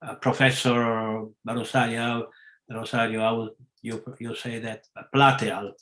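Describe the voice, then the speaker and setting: A man giving a scripture class, talking in a halting way with many pauses and self-corrections. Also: mid-range voice, flat delivery, a bit bright. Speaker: class speaker.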